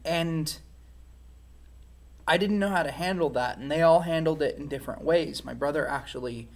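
A man's voice: fairly high pitch, moderate pace, vocal fry. A man speaking as an interview guest, giving a candid personal testimony in a reflective, frank way.

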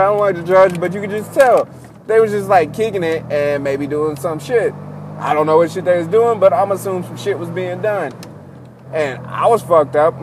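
A man's voice: a little high, a little hiss or hum. A young man telling a rambling, profane story in casual chat, sitting in a car.

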